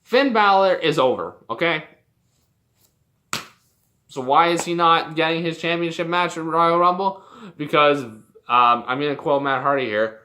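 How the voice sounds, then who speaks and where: A young adult vlogger from Canada rants in a loose, unscripted way, swearing freely and sounding exasperated. The voice is bright and forward, at a middling pitch. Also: a little slow, a little hiss or hum. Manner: heated, profane, exasperated ranting. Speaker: wrestling commentary vlogger. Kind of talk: casual opinion rant.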